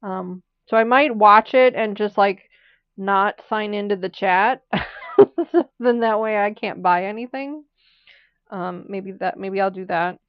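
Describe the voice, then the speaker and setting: A chatty woman talks to her viewers while she sews, rambling from one thought to the next and laughing often. Her voice sits at a middle pitch. The sound is dry and a little muffled. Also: takes it slowly, dry recording. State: has the hiccups. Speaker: quilting channel host. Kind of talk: casual chat during a live sewing stream.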